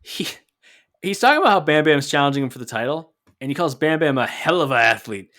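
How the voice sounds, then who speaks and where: A man co-hosting a podcast in an easy, joking way, running through old wrestling promos and trading bits with his partner. His voice sits at an average pitch and he talks in a relaxed, conversational tone. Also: fast talker. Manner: conversational, joking, recapping matches. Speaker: podcast co-host. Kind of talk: casual wrestling podcast chat.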